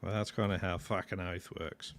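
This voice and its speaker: A low-voiced Australian man with a gravelly, slightly fried edge, giving off-the-cuff commentary on a strategy game. He chats loosely, drops casual swears and talks to his units as he plays. A faint background noise sits under the recording. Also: fairly even intonation, moderate pace, a bit bright. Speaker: gameplay streamer.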